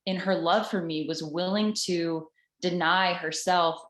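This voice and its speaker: Woman with a low voice sharing a heartfelt personal story with a group, halting, recorded in an echoey room. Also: steady tone. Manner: earnest and halting, with many restarts. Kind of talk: personal spiritual testimony. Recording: roomy echoing room.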